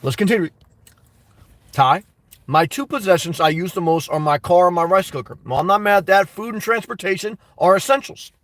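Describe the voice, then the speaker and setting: A YouTube host answers live chat on a casual stream, emphatically repeating his points and laughing between remarks. His voice sits high with a fairly bright tone and a slightly fast pace, recorded from a distance with no echo.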